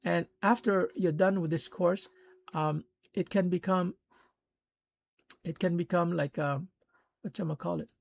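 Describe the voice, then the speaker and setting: A man's voice: sits high, fairly even intonation, a little slow, vocal fry, long pauses. A man casually explaining steps of building a course, talking conversationally with fillers and rising into emphatic bursts. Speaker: course creator teaching online. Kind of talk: casual instructional talk.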